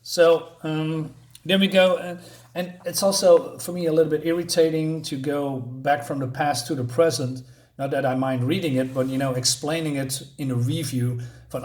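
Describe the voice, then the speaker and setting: A man's voice: a little high, fairly even intonation, moderate pace, darkish tone. A man giving a casual spoken comic book review, rambling and hesitant, with many fillers.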